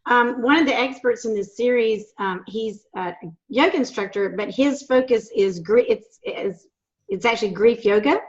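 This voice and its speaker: A woman's voice: on the high side, moderate pace. Earnest woman host, dull lo-fi sound. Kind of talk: interview. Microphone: video call.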